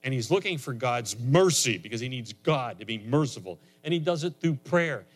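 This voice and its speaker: A man preaching a sermon in a conversational way, his voice rising higher and louder on emphatic lines. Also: animated, normal speed. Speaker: pastor.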